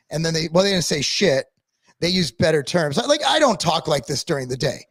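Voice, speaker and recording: A man's voice: fairly high pitch, expressive, fairly bright tone, no echo. A man co-hosting a casual live-stream talk show, ranting bluntly with lots of swearing and restarts. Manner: blunt, profane, rapid rambling with restarts. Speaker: podcast co-host. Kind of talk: casual chat.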